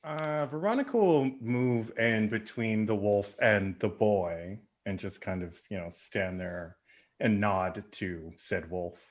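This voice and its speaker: A man plays a tabletop role-playing game, describing his character's moves in a casual, hesitant way full of fillers. His voice sits somewhat low. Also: slow. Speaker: player.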